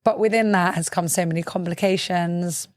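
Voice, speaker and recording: A woman hosting a podcast interview, asking thoughtful, gently probing questions with soft "mm-hmm" responses. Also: on the low side, steady tone, normal speed, no echo, studio quality. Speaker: podcast host.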